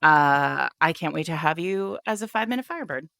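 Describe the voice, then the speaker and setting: Lively woman podcast co-host. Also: deep voice, fairly quick, creaky, no room sound, studio quality. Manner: laughing, playful, rambling. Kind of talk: casual chat.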